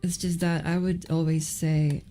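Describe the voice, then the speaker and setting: A woman's voice: sits low, little pitch movement, measured pace, dark tone. A woman casually chatting while she draws, rambling and muttering asides as she answers questions from chat. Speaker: streamer drawing while chatting.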